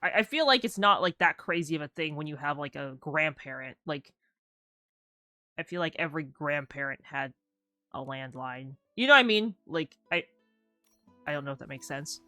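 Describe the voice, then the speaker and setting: A woman's voice: deep voice, animated, moderate pace, pushed and bright, no echo, studio quality, faint music behind. A young woman streamer chatting casually while she plays, rambling through stories and saying "like" a lot. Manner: rambling storyteller, heavy use of "like". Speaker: game streamer. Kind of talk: casual chat while gaming.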